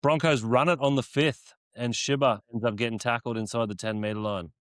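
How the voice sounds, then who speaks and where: A man's voice: medium pitch, fairly even intonation, brisk, fairly bright tone, clean tone, no echo, studio quality. An Australian man co-hosting a sports podcast, recapping rugby league plays with laughs and swearing. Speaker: podcast co-host. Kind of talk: casual sports chat. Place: studio.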